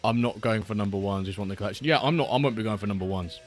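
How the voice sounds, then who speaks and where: A man's voice: on the low side, racing. A man hosting a casual live stream, rambling and reading out viewer messages. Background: faint background music.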